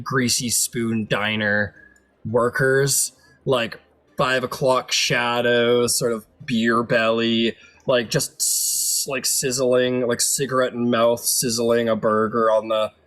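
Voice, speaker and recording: A man narrating a tabletop game as game master, rambling with lots of fillers. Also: mid-range voice.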